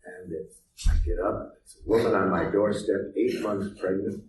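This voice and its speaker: A man's voice: low voice, fairly even intonation, normal speed, darkish tone. A man leading a workshop with role-play, teaching in a playful, teasing storytelling manner. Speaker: workshop leader. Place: workshop room. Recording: echoey room from far off, faint hiss.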